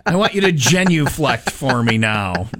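A man's voice: mid-range voice, sing-song, a little slow, a bit bright, no echo, studio quality. A man hosting a radio show, joking and teasing in a mock-chauvinist bluster.

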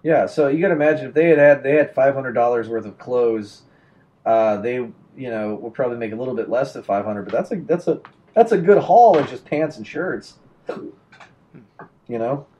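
A man's voice: mid-range voice, normal speed, mellow, highs cut off. A young adult man chatting casually and telling a rambling story, full of restarts and fillers.

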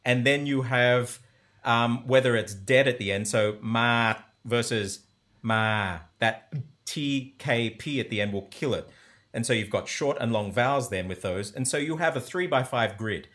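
A man's voice: medium pitch, normal speed, fairly bright tone. Man eagerly explaining sounds. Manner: enthusiastic, explanatory, demonstrates sounds aloud. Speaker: language teacher. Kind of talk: conversational explanation.

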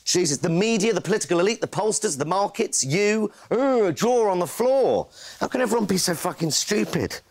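A man's voice: high-pitched, animated, a little fast, hardly any pauses. A man playing a foul-mouthed ranting reporter. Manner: swearing angry rant to colleagues. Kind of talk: comedy sketch monologue.

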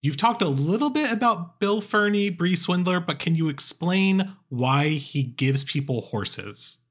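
A man hosting a podcast, asking questions in a halting way with many fillers. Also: high-pitched, expressive, a bit bright. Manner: halting, searching for words. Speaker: podcast host. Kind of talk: casual podcast interview.

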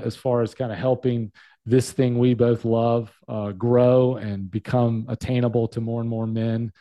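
A man's voice: medium pitch, dark tone, dry recording. A man hosting a podcast, chatting casually with his guest and calling him brother. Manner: friendly, calls guest brother. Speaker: podcast host. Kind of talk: casual interview.

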